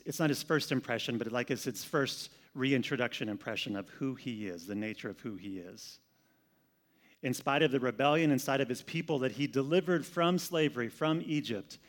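A man preaching a sermon in a conversational manner, often repeating words as he goes. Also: mid-range voice. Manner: conversational, repeats words, shifts between loud and soft. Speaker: pastor.

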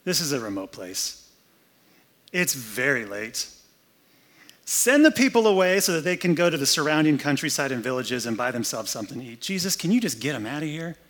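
A preacher acting out sarcastic grumbling disciples. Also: male voice, medium pitch, very animated, fairly quick, a bit bright. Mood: exasperated. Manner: sarcastic, complaining.

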